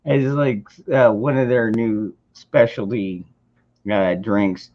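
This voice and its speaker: Slow rambling guy hosting a stream, swears a lot, kinda muffled lo-fi sound. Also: lowish voice. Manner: rambling, swears freely, many restarts. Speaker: livestream host. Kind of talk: casual chat. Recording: dull lo-fi stream audio.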